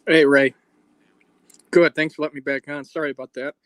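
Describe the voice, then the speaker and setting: A man's voice: a little high, fairly even intonation, brisk, no room sound. A man rejoining the show as a caller, greeting the host briefly and apologetically. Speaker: returning caller or guest.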